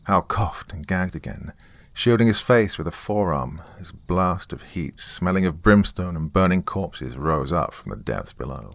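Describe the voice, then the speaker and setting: A man's voice: low voice, animated, normal speed, vocal fry, no echo. A man reading a horror novel aloud, with grave, dramatic scripted narration. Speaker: audiobook narrator.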